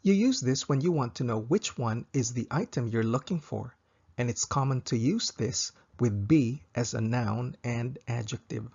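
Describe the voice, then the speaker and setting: Male language tutor: husky, gravelly, patient, repeats each phrase twice, dull lo-fi recording. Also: mid-range voice, darkish tone. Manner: slow, careful, repeats each example twice for practice. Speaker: Japanese language teacher.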